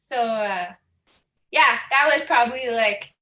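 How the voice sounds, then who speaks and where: A woman's voice: a little high, measured pace, sharp tone, roomy sound. A woman in her thirties from Saskatchewan, giving a candid, chatty personal talk as a guest speaker, laughing often and moved at times. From Saskatchewan, Canada.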